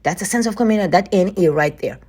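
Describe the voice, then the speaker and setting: A woman whose first language is Bantu, leading a Bible lesson over a screen share. Her delivery is emphatic and repetitive, and she keeps checking in with "right?". She leaps up in pitch whenever she hits a key point. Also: quick pace, darkish tone. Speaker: Bible teacher.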